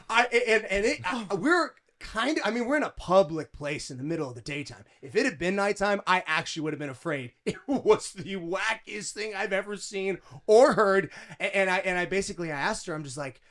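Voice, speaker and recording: A man hosting a podcast, telling a story in a lively, animated way with frequent restarts. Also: sits high, brisk, few pauses. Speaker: podcast host. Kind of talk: casual interview chat.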